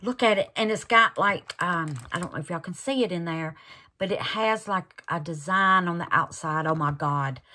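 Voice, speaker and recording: A woman's voice: on the low side, normal speed, sharp tone, slight background noise. A woman hosting a craft channel, unboxing gifts in casual chat and gushing over them with terms like honey and baby.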